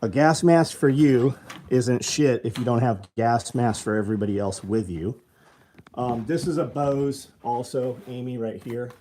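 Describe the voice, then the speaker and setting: Blunt, foul-mouthed man with a dark voice. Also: mid-range voice, measured pace, a little hiss or hum. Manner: profane, blunt, swings between rambling and angry ranting. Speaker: livestream host selling tactical gear. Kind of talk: casual livestream chat.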